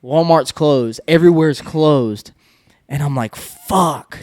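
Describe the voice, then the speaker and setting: A young man spins a rowdy late-night story, cracking himself up and cursing as he voices each person in it. His voice sits at an ordinary pitch and sounds dry and close, with no room echo. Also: moderate pace. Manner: laughing, profane, animated retelling. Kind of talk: casual storytelling.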